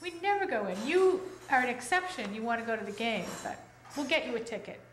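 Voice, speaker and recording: A woman chatting excitedly and teasingly with friends at a home gathering, laughing often. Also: fairly high pitch, fast. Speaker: birthday celebrant. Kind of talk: casual home-video chat. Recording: echoey room with background noise on home video.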